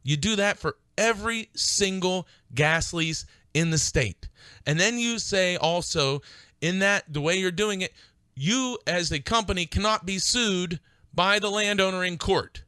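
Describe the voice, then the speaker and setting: Emphatic bright-voiced man on the radio. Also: sits high, measured pace, clean tone, dry recording. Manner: emphatic, fired-up, repeats points for stress. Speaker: radio show host and attorney. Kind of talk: call-in style legal advice radio talk.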